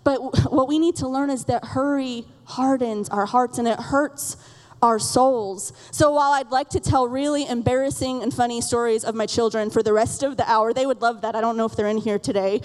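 A woman in her thirties delivers a sermon on a stage mic. Her voice sits high, and the sound carries a long church-hall reverb. She talks candidly and with self-deprecating humor, breaking into laughs now and then. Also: fairly even intonation, moderate pace. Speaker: pastor. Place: church auditorium.

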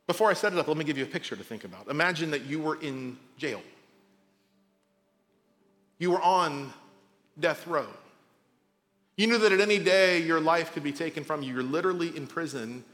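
A male pastor delivers a casual sermon in a bright, forceful voice pitched a little high. He swings from loud emphasis to hushed, quiet drops with informal asides. His voice rings with the long reverb of a large hall. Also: lively intonation, moderate pace, long pauses, soft background music.

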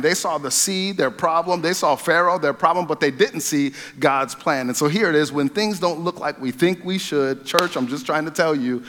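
A man preaching a sermon as pastor, talking conversationally with restarts and growing animated when he retells a story. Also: a little high. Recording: long hall reverb.

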